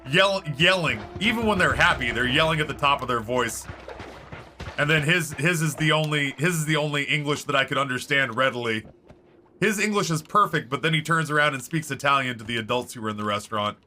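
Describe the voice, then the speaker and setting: A man streaming a game, chatting casually in a rambling, animated storytelling way with many fillers. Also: on the high side, brisk, faint music behind.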